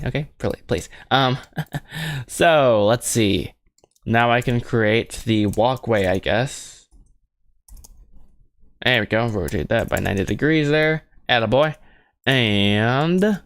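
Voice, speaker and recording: While modeling at his computer on a stream of his film work, a male animator rambles in casual thinking-aloud commentary, poking fun at himself with jokey asides. His voice is mid-range, and the recording is dry.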